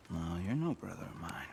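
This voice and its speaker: A sardonic rebel god. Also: male voice, low voice, vocal fry, a little mellow, a little hiss or hum, full character voice. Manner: sardonic, mocking. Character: proud, wary male rebel god leader.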